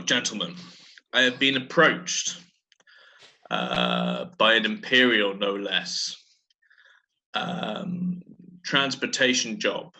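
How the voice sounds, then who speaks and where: A man voicing a pompous, lounging male Hutt crime lord with a slow, grand delivery and a booming laugh. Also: creaky, sharp tone, exaggerated voice, poor audio.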